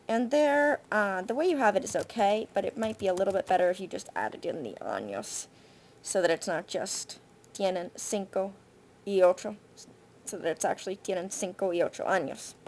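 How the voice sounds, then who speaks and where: A woman Spanish teacher, recording patient spoken feedback on a student's essay, thinking aloud with frequent pauses and fillers. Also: mid-range voice, a little hiss or hum. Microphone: computer mic for screen recording.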